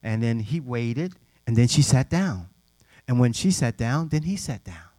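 A middle-aged man tells stories about mentoring young people, speaking plainly with casual grammar. He slips into the voices of the people he quotes. His voice sits at an ordinary pitch and is recorded close and dry. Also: unhurried, no room sound. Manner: animated storyteller who acts out quoted voices; direct, plainspoken, informal grammar. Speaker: youth mentor. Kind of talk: personal storytelling to an audience.

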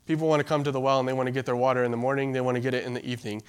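A man preaching a sermon in a relaxed, conversational way, with fillers and asides to the congregation. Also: medium pitch, very fast, clean tone. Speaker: pastor.

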